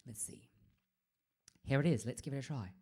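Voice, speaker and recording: A woman's voice: a bass voice, racing, dark tone, husky. Rambling woman in her forties. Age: 40s. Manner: rambling, trails off into murmurs and whispers. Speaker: drag performer hosting a live stream. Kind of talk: casual live-stream chat.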